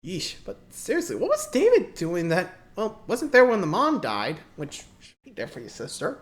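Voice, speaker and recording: A woman reacts casually to a video, tossing out quick interjections and chatty asides. Her voice sits fairly low but leaps widely in pitch with every reaction. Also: wildly swooping pitch.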